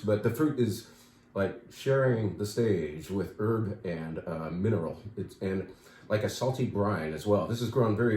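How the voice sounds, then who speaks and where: A man's voice: deep voice, dark tone, reverberant. A man hosting a casual wine shop talk, chatty and enthusiastic, with many fillers and asides.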